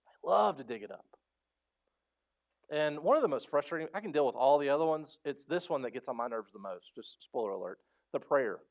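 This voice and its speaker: A man preaching a sermon as pastor, animated and conversational, acting out voices and asking the congregation questions. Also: mid-range voice, a little fast. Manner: animated storytelling, acts out quoted voices; conversational, asks the crowd questions.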